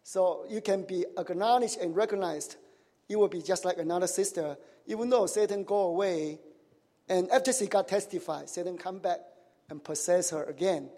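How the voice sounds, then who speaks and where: Delivering his sermon at a moderate pace, this pastor has a high, light, mellow voice echoing with long reverb in a church hall. His grammar marks him as a nonnative speaker, and he constantly poses questions to the congregation, adding "right?" and "huh?"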